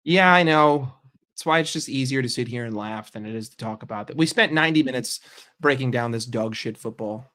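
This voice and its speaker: Profane, animated football streamer, man. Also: mid-range voice, brisk. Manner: animated, profane banter with chat. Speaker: livestream host. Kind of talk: casual live-stream chat.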